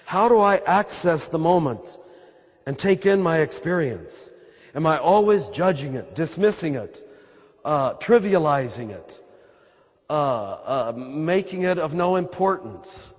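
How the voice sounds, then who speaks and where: A man's voice: on the high side, expressive, measured pace. Man, priest, American accent, throaty, emphatic and repetitive, long hall echo, dull lo-fi sound. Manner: emphatic and repetitive, speaks straight to the listeners. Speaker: Catholic priest. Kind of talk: spiritual talk to a live audience. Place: large hall with an audience.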